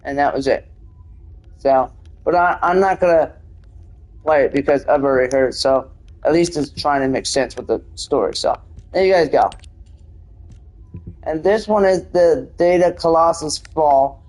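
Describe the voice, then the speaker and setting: A man's voice: fairly high pitch, moderate pace, long pauses, darkish tone, low-quality recording. A man hosting his own gaming channel, talking casually over his gameplay, hesitant and full of restarts.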